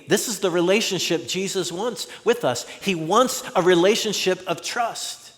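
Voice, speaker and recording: A pastor preaches in a relaxed, conversational way and slips into the voices of the people he quotes. His voice is unusually high for a man. It carries with a long reverb, as if in a large sanctuary. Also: moderate pace, few pauses. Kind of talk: sermon.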